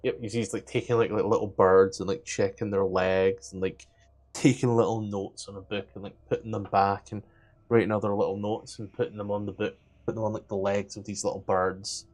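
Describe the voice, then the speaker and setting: Hushed Scottish game master. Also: male voice, on the low side, level tone, brisk. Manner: hushed, many "like" fillers. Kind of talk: narrating a tabletop game.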